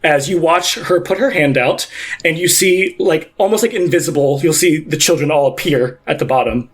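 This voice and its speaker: A man's voice: fairly high pitch, moderate pace. Rambling young man running a tabletop game. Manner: rambling, full of "like" fillers. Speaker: game master. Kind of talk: improvised tabletop game narration.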